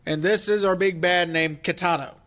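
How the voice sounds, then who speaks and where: Higher-voiced man explaining a movie plot. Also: fairly even intonation, moderate pace, a bit bright. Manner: explanatory, recapping plot with fillers. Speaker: film review podcast co-host. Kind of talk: casual movie discussion.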